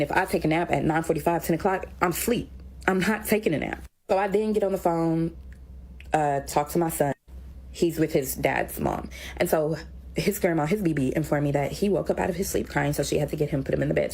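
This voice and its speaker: A woman telling a personal story in a quick, conversational way, acting out what people said. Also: low voice, gravelly, darkish tone, husky, low-quality recording. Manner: rapid, conversational, recounting dialogue.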